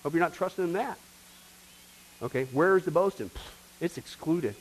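A man preaching a sermon to his congregation, acting out voices and swinging between loud outbursts and hushed lines. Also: fairly high pitch, normal speed, rough recording. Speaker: pastor.

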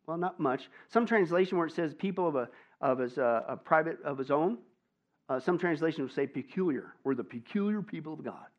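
A male pastor preaching a lively, conversational sermon and tossing questions to his listeners, on a dull lo-fi recording. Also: a little high, fairly quick. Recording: dull lo-fi sound.

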